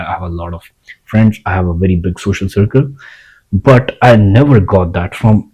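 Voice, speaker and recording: A man's voice: lowish voice, mellow, breathy edge, poor audio. A young man, talking casually to the camera in a rambling way, repeating himself and restarting lines. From India. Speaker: vlogger.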